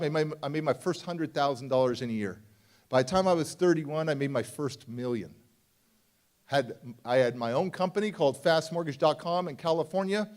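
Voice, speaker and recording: A middle-aged man giving a motivational keynote at a youth summit, telling his life story in a lively way and acting out his younger self. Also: a little high. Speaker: motivational speaker. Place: conference stage before a live audience.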